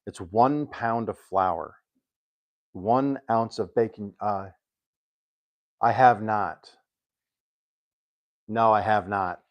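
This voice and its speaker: Older male home cook, low-pitched, loose and chatty, lots of ums as he reads aloud. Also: dull audio. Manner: rambling and chatty, pausing with ums while reading aloud. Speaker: home cook hosting a live stream. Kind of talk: casual cooking live-stream chat.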